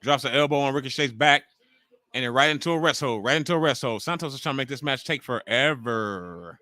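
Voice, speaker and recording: A man in his forties hosting a wrestling watch-along live stream, reacting excitably and ranting with heavy swearing. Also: mid-range voice, fairly quick, dry recording. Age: 40s.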